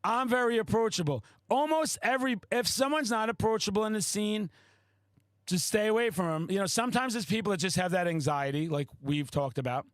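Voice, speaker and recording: Excitable high-voiced swearing man. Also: a little fast, no echo. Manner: loud, excitable storyteller who swears a lot. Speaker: podcast host. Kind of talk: casual chat.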